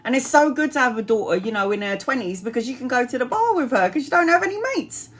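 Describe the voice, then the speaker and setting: A woman's voice: a little high, expressive, quick pace. A woman, giving a live-stream tarot reading in a chatty, blunt way and laughing often. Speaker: tarot reader.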